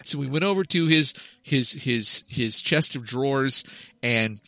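A man's voice: medium pitch, a little slow, pushed and bright, no echo. A man in his thirties, a podcast co-host telling a rambling, profane comic story in casual chat. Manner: rambling storyteller, swears freely.

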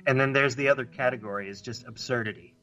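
A man co-hosting a casual comedy chat, musing aloud with halting restarts. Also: medium pitch, sharp tone, faint music behind. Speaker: podcast co-host.

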